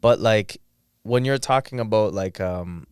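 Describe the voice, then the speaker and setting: A man's voice: fairly low pitch, a little slow, darkish tone, clean tone, dry recording. A young man hosting a podcast interview casually, often agreeing and backing up his guest. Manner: supportive, frequent agreeing backchannels. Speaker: podcast host.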